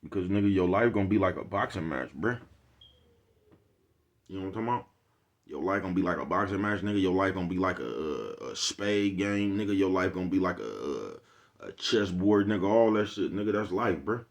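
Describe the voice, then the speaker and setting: A man with a very low, deep voice talks straight to his viewers in a loose, rambling monologue. He leans on street slang and swearing, and keeps checking in with his listeners as he drifts from one life lesson to the next. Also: animated, fairly quick. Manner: rambling, profane, streetwise slang, keeps asking "you know what I'm talking about". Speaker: vlogger host. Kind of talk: casual motivational monologue.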